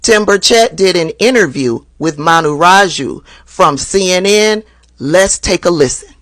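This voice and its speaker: A woman hosting a political commentary show, reading a news account aloud in a slow, deliberate way. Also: on the low side, expressive, fairly bright tone, no room sound.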